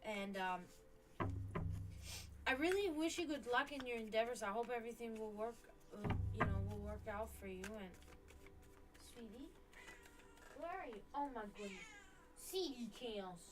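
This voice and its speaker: A woman's voice: fairly high pitch, normal speed, over music, poor audio. A woman hosting a live tarot stream, chatting casually, cursing now and then and talking to her pets between readings. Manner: chatty, swears casually, coos baby talk at her cat. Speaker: tarot reader and stream host.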